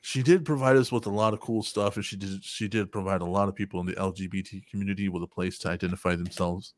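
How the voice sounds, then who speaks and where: A man hosting a casual podcast, telling stories in an animated, profane way and acting out quotes. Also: sits low, fast talker, no room sound. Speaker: podcast host.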